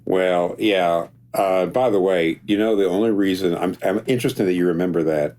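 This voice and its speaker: Male pastor guest, deep voice, reflective and self-correcting, light humor. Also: normal speed. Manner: thinking aloud, many restarts, gentle humor. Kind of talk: reflective interview conversation.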